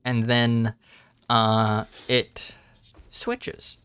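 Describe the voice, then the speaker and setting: A man narrates as game master of a tabletop game, taking his time with frequent pauses and fillers. His voice sits at an ordinary pitch, and the recording is dry with little room sound. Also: a bit bright, no echo. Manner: unhurried, with many pauses and fillers.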